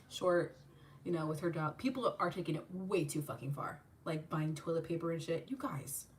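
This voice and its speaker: A woman hosting her channel, telling a profane, animated story while doing a makeup tutorial, acting out the people in it. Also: sits low, far from the mic, a little hiss or hum. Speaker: channel host.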